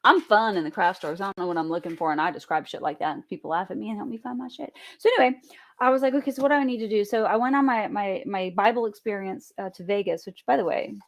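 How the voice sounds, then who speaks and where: A woman talking to her camera at home in a casual vlog. She tells stories in an animated, chatty way and swears freely. Her voice has a middling pitch. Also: fast talker. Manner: animated, profane, chatty storytelling. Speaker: vlogger.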